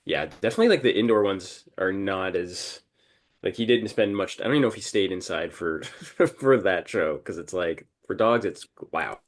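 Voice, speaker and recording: A man's voice: low voice, normal speed. A man, a band musician, answering podcast questions in a laid-back, modest way. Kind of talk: casual interview chat.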